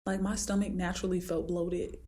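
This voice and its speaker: Animated woman podcast host. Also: fairly quick. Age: adult with a daughter. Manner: animated storytelling, acts out clients in high voices. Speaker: podcast host and fitness trainer. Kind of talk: casual solo podcast talk.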